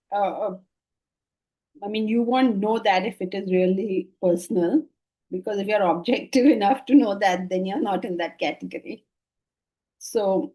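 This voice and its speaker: In a dull, lo-fi class recording, a middle-aged woman who teaches Vedanta delivers a spiritual talk. Her voice is a little high and warm, and she speaks conversationally, laughing frequently and acting out the replies she quotes.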